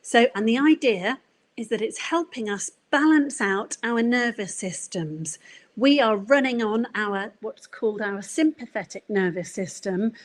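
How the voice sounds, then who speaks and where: A middle-aged woman giving a career coaching talk at a conference, gentle and encouraging, with frequent fillers. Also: a little high, measured pace, low-quality recording. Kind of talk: conference presentation.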